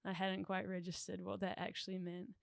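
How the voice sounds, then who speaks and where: Young NZ woman, casual guest, giggly, creaky voice. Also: fairly low pitch, fairly quick, no room sound, clean studio sound. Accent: New Zealand. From New Zealand. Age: young adult. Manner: excitable, laughs often, lots of "like". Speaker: DJ, podcast guest. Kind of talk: casual chat.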